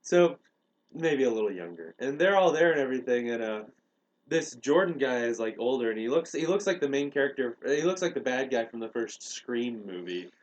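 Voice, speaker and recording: A young man tells a story on a podcast in a loose, conversational way. He lets his pitch sit in a middle range. He acts out quoted lines as he goes. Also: lively intonation, brisk, lo-fi sound. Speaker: podcast host. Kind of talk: casual storytelling chat.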